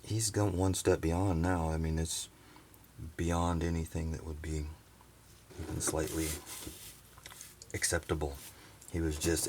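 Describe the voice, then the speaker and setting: A man's voice: deep voice, creaky, slight background noise. A man ranting profanely and rambling indignantly on a sailboat, into a camera he has set down. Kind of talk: casual vlog rant. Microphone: handheld camera set down nearby.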